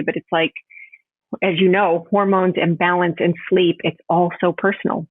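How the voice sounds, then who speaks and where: A woman from New York, a health coach guest chatting in a podcast interview, animated and laughing often, jumping high in pitch when quoting people. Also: normal speed, dry recording. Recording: tinny phone-line sound.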